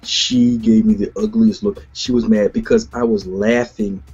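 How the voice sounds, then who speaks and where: A man in his thirties co-hosting a casual sports podcast, telling animated stories and laughing often. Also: fairly low pitch, measured pace, husky, faint music behind. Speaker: podcast co-host. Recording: dull lo-fi podcast audio.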